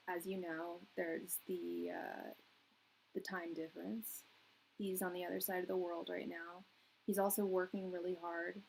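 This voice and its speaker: A woman's voice: fairly low pitch, creaky, slight background noise, rough recording. A young woman giving a live-stream tarot reading, chatty and emotional, with frequent laughter. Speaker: tarot reader.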